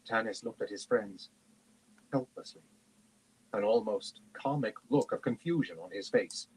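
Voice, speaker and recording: A man reads a fantasy novel aloud at a steady, measured pace. His voice sits fairly low and sounds husky. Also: low-quality recording. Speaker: reader.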